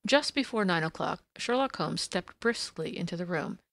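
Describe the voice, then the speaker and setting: A woman narrating a classic detective story for an audiobook, in a steady storytelling manner. Her voice has a gravelly texture and sounds close and dry. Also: lowish voice, normal speed, no room sound.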